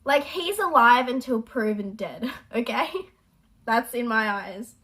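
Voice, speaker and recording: A woman's voice: fairly high pitch, measured pace, fairly bright tone, slightly rough, rough recording. A young woman hosting a reaction video at home, chatting casually in a rambling, apologetic way. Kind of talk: casual chat. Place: at home, indoors.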